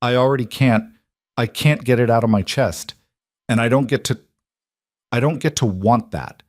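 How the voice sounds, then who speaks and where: A man's voice: medium pitch, normal speed, no echo, clean studio sound, lightly acted. A man voicing a guarded, shaken young woman who breaks off and restarts her sentences. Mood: strained.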